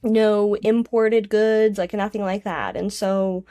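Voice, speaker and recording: A young woman, a DJ and singer, telling a personal story in a podcast interview, halting and restarting, laughing through tears. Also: mid-range voice, steady tone, dark tone. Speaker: guest, DJ and vocalist.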